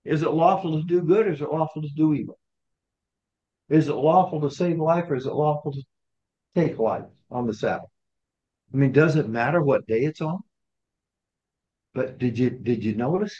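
A man's voice: a little high, normal speed, long pauses, dark tone. A man leading a small group through scripture, teaching in a conversational way, posing questions and acting out the quoted lines. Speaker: Bible study leader. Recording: dull lo-fi recording.

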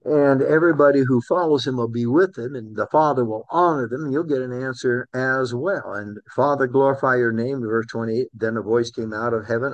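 A man's voice: medium pitch, no echo, highs cut off. A man preaching a sermon in a conversational way, calling on listeners by name. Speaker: pastor.

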